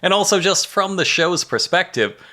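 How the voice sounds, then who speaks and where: Bright-voiced man recapping with disbelief. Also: high voice, expressive, moderate pace. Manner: storytelling, incredulous, profane. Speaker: comedy podcast panelist. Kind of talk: casual comedic recap.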